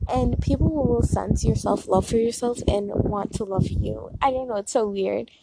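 A woman's voice: fairly high pitch, normal speed, vocal fry, heavy background noise. A young woman chatting casually and leading affirmations, rambling and filling her talk with "like" and "um". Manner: rambling, heavy use of "like" and fillers. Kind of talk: casual chat and guided affirmations.

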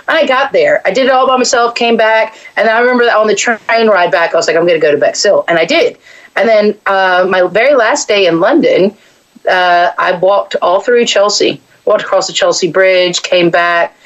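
A woman's voice: medium pitch, lo-fi sound. A woman from Texas with a Texan accent, a podcast guest telling rambling, chatty travel stories with many restarts. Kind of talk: casual podcast chat.

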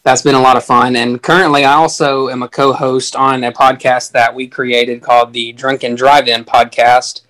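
A man's voice: medium pitch, level tone, normal speed, few pauses, fairly bright tone, poor audio. A man with a Southern US accent, chatting as a guest in a casual podcast interview and making dry joking asides. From Southern United States.

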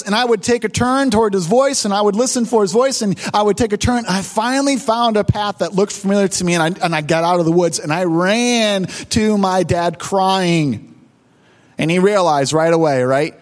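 A pastor with a strikingly high-pitched voice delivers a sermon. He tells a personal story with halting repetitions and rising emotion, then turns it toward his congregation. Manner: emotional, repetitive stammering retelling.

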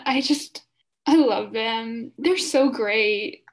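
Speaking slowly in a slightly high voice, a young woman co-hosts a podcast, chatting casually as a fan. She gushes with enthusiasm and says "like" a lot.

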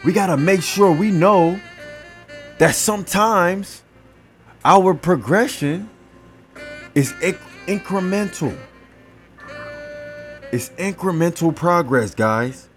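A man hosting a podcast, giving a slow, encouraging motivational talk and leading a breathing exercise, repeating his words. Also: high voice, lively intonation, soft background music. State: gasping for air at times. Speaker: podcast host.

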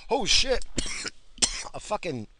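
A man's voice: sits high, sing-song, very slow, background noise. A middle-aged man from New York ranting crudely and swearing while sitting in his car, breaking off to cough from smoking. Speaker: vlogger. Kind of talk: profane rambling rant.

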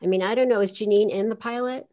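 An older woman a voice actress from Queens chatting easily through an interview, telling anecdotes with a ready laugh. Her pitch sits in a middle range for a woman, and her speech is relaxed and conversational. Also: fast. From New York (Queens). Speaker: voice actress guest. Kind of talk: casual interview, storytelling.

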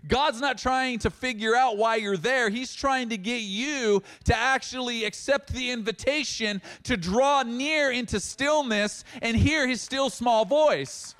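A man preaching a sermon as pastor, reading scripture and acting out dialogue with animated emphasis. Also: very high-pitched, measured pace, hardly any pauses.

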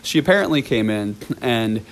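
Man, storytime vlog, chatty, laughs a lot, filler ums, mid pitch. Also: animated, moderate pace. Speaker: dance teacher.

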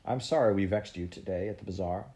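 A man's voice: low voice, fast talker, mellow. A man doing a frank, good-natured boy.

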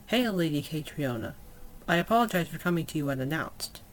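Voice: mid-range voice, lively intonation, a little fast, lightly acted. Reader doing a loyal commander guy, respectful, plain talk, faint hiss. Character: loyal, dutiful male garrison commander.

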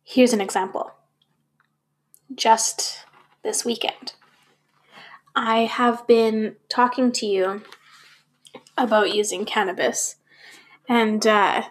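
A woman's voice: a little high, steady tone, takes it slowly, long pauses. A woman speaking candidly to her viewers, questioning herself and swearing now and then. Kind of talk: candid personal talk to camera.

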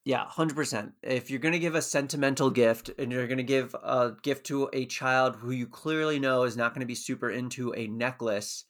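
A man's voice: mid-range voice, fairly even intonation, normal speed, hardly any pauses. A man with a mid-range voice co-hosts a podcast, walking through a sitcom episode in a thoughtful, analytical way. He leans on fillers and restarts as he works through his points. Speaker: podcast co-host. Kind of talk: casual chat recapping a TV show.

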